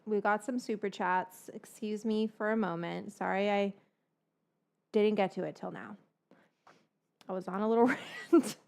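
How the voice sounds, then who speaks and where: A woman's voice: medium pitch, steady tone, a little slow, gravelly, long pauses, darkish tone. Rambling woman on a livestream. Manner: rambling, swears freely. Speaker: livestream host baking from her cookbook. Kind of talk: casual livestream chat.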